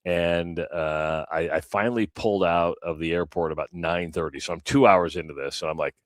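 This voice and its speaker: Radio co-host, male, very low voice, dry studio sound, lively storyteller. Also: normal speed, no echo. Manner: animated, acts out quoted voices. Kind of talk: casual storytelling on morning radio.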